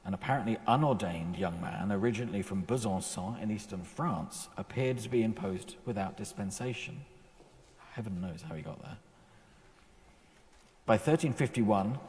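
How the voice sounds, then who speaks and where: Male lecturer with a lowish voice, measured and precise, dry wit, heard in a church with a long echo. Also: a little mellow. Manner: measured, precise, dryly wry asides. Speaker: historian giving a public lecture. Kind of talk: formal historical lecture. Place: large church interior. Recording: long reverb of a church hall.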